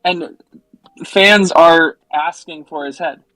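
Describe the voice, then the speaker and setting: A man's voice: a little high, takes it slowly, sharp tone, dry recording, soft background music, poor audio. A man playing an angry team manager who storms in to complain, indignant and accusatory. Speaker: rival team general manager. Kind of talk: mock-angry comedy bit.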